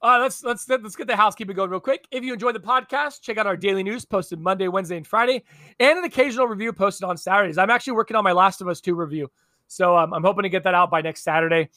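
A man hosting a casual gaming podcast, joking around with his co-hosts and breaking into mock yelling. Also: sits high, quick pace, no echo, studio quality. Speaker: podcast host.

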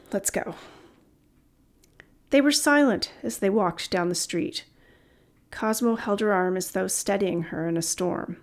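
A woman narrates a chapter of a story in a steady, expressive reading voice. Her pitch sits in the middle range, with a noticeable gravelly fry at the ends of phrases. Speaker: audiobook narrator.

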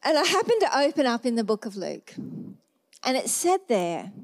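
A woman preaching with a fairly high voice. She tells her testimony with lively swings in pitch. She acts out her old prayers as she goes. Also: normal speed. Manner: animated storytelling, acts out her own past prayers. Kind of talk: sermon testimony.

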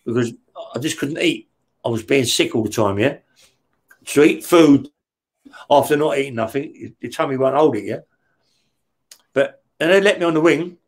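A man's voice: medium pitch, moderate pace, pauses often. Swearing London man telling old stories. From West London. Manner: swears a lot, often checks in with "yeah?". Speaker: interview guest, former prisoner. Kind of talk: casual storytelling.

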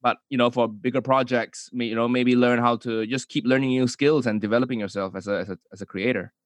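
A man's voice: mid-range voice, fairly even intonation, fast talker, no echo. Hesitant Malaysian man in dry studio. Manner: hesitant, many restarts and fillers. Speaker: comedian and YouTuber guest. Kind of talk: casual interview answers.

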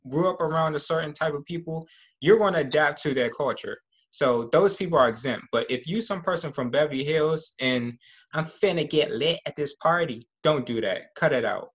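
A man co-hosting a podcast, chatting casually with relaxed, slangy opinions. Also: fairly high pitch, lo-fi sound. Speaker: podcast co-host. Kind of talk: casual chat.

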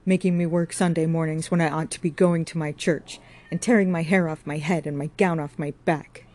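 Woman reading as a bad-tempered young countrywife, loud and scornful, mellow voice underneath. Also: on the low side, steady tone, normal speed, natural voice. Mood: taunting. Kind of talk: audiobook character reading.

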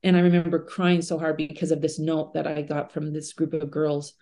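A middle-aged woman with a mellow, warm voice, sitting a touch low in pitch, shares personal stories as a podcast guest. She talks earnestly and conversationally, leaning on everyday fillers as she reflects. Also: monotone, brisk.

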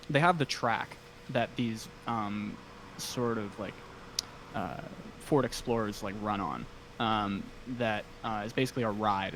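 A man's voice: medium pitch, a bit bright, slight background noise. Hesitant man full of ums. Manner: enthusiastic fan talk. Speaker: podcast guest. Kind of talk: casual podcast conversation.

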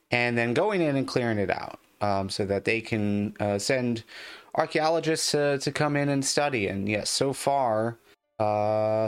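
Brief: male game master, slow and hesitant, clear smooth voice, light music bed. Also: fairly low pitch. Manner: halting, many fillers while explaining. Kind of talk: narrating a tabletop game.

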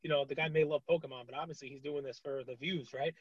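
A man co-hosting a podcast, chatting casually with lots of fillers and animated retelling. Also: on the high side, quick pace, muffled recording, a loud crowd. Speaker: podcast co-host. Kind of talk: casual chat.

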